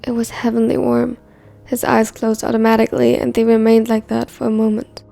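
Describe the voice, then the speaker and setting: A woman narrating a fan fiction story in a steady reading voice. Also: fairly high pitch, fairly quick, creaky, soft background music.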